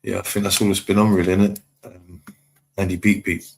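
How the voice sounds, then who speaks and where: A man hosting a live stream, his voice sitting low with a gravelly, creaky edge. He chats loosely, reads out comments from viewers and tosses off easygoing shout-outs. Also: brisk. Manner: relaxed, chatty shout-outs to viewers with chuckles. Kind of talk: casual live-stream chat, reading out comments.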